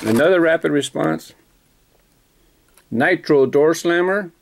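Man, gravelly, somewhat high voice, chatty unboxing commentary, self-correcting. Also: slow, a little hiss or hum. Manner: chatty, self-correcting, enthusiastic about details. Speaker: toy car collector vlogger.

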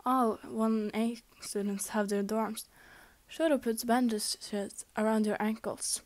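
A woman's voice: on the high side, fairly even intonation, takes it slowly. A young woman reading a fanfic aloud in a casual, amateur way, stumbling and restarting, sometimes slipping into a whisper. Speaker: fanfic reader.

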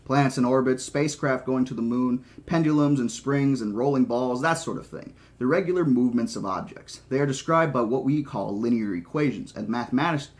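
A man's voice: mid-range voice, brisk, few pauses, natural voice. A man reading the lines of a wry, opinionated male mathematician in a dry, lecturing manner.

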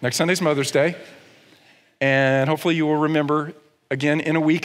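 A man's voice: on the high side, steady tone, brisk, pauses often. A male pastor giving a sermon in a conversational, humorous way, often checking in with the audience. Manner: humorous asides. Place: church. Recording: long reverb in a church hall.

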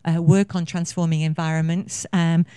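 This conference speaker, a woman in her fifties, has a low-leaning, mellow voice with little pitch movement and a clean tone, speaking at normal speed with no echo. She's passionate and effusive, wandering through her talk with many fillers.

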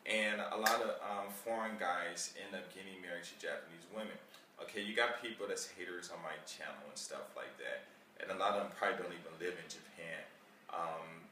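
A man talking casually in a vlog, rambling and animated, acting out chats with people he meets on the street. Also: deep voice, echoey room, far from the mic, slight background noise. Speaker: vlogger.

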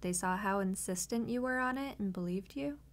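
A woman's voice: mid-range voice, moderate pace, close to an everyday voice. A young woman voicing a reformed bad-girl girlfriend in an audio role-play, talking earnestly and close to tears. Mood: tender, earnest. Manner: earnest, emotional, near tears.

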